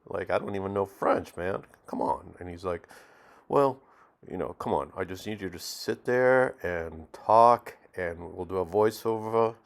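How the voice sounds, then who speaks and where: A man's voice: low-pitched, measured pace, gravelly. A man playing a streetwise, cigar-smoking male non-actor who rambles in slang with lots of fillers in a mock documentary interview. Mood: grumbling.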